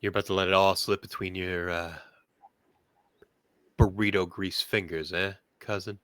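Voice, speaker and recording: A man voicing a menacing, sneering male vampire double with a put-on Chicago accent, taunting in a low, breathy way. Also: level tone, moderate pace, fairly bright tone, no echo. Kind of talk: voicing a character in a tabletop game.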